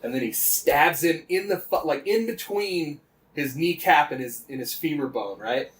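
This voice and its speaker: A man's voice: on the high side, animated, moderate pace. A man co-hosting a casual podcast, animatedly retelling events with lots of swearing and "like" fillers. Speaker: podcast co-host.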